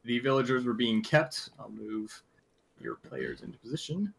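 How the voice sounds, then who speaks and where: A man narrating a tabletop game as game master, halting with frequent fillers and restarts. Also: medium pitch, vocal fry, a little hiss or hum. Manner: halting, many fillers and restarts while recapping.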